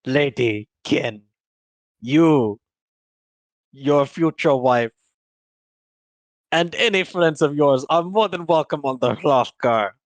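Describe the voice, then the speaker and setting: A game master voicing a solemn older male orc ship captain with a Scottish accent, earnest and booming as he toasts his crew in a tabletop role-play. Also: lively intonation, takes it slowly, pauses often, no echo.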